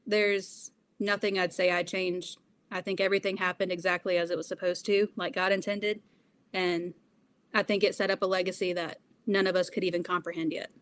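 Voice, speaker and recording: A young woman being interviewed, answering in an earnest, reflective way with frequent fillers. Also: medium pitch. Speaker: interview guest.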